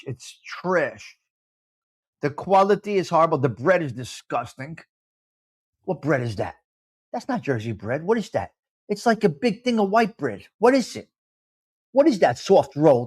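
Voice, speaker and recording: A man hosting a casual live-stream chat with a New York accent. He is blunt and opinionated, repeats himself for emphasis, and drops in Italian phrases. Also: high-pitched. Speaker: live show host.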